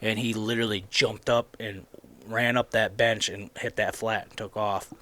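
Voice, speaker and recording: Animated Midwestern man telling a hunting story. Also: lowish voice, normal speed. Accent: Midwestern American. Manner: rambling, animated retelling with many restarts. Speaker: podcast host. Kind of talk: casual storytelling chat.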